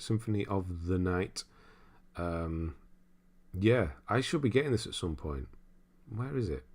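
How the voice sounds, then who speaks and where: On a relaxed livestream, a young man with a deep, low voice reads viewer comments aloud and muses on them loosely, chuckling often. It's casual, rambling live-stream chat.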